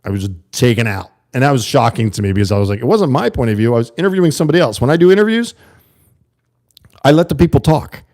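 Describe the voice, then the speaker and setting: A man's voice: medium pitch, sing-song, fast talker, darkish tone. A man from the USA hosting a livestream, talking earnestly and rambling to his chat viewers in a casual monologue. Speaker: livestream host.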